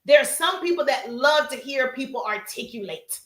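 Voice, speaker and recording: A social media business coach speaks to a live-stream audience in a high, bright voice, her delivery punchy and emphatic with lively intonation at a normal speed. She greets viewers in the chat as she talks, and the room has an echo.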